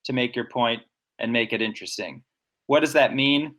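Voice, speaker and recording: A man's voice: mid-range voice, moderate pace, fairly bright tone. A man co-hosting a podcast in a casual discussion, explaining things in an enthusiastic, nerdy, analytical way. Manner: enthusiastic, nerdy, analytical, talks through examples. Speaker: podcast co-host.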